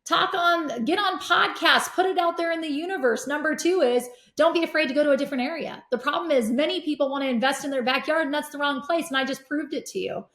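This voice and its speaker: Middle-aged woman, animated storyteller with a fairly high voice, in an echoey room. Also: fast talker, few pauses. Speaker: podcast guest, real estate investor. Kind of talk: casual conversation. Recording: roomy echo.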